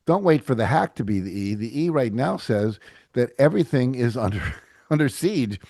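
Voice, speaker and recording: A man's voice: mid-range voice, moderate pace, dry recording, studio quality. A middle-aged man as a podcast guest, telling stories animatedly and acting out what people said. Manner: animated storyteller, acts out quotes. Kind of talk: casual interview chat.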